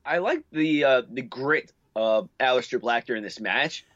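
Relaxed podcast guy musing along, dull dry lo-fi sound. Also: medium pitch, moderate pace, no echo. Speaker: podcast co-host. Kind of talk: casual chat. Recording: dry, dull lo-fi call audio.

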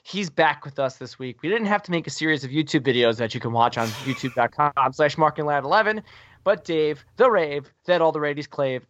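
A man's voice: fairly high pitch, a little fast, a bit bright, no room sound. A man hosting a podcast in casual chat, rambling and jokey with lots of fillers. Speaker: podcast host. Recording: dry, dull lo-fi recording.

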